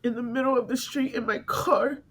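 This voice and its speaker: A middle-aged woman from California telling a painful personal story in an interview, emotional and halting, often repeating herself and acting out what others said. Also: a little high, steady tone, fairly bright tone, husky. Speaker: guest telling her story.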